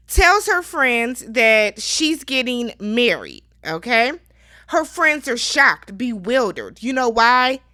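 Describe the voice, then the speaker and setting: A young adult woman hosting a casual TV recap, giving sassy, animated commentary full of exclamations. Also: on the high side. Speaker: recap show host. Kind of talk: casual chat recapping a TV show.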